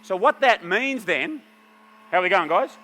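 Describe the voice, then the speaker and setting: Man, middle-aged, high voice, playful stage talk, long hall reverb. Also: lively intonation, moderate pace, bright, forceful tone. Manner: playful, joking, directing helpers. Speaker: presenter doing a live juicing demo. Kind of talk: lively stage talk with audience helpers. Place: large hall with an audience.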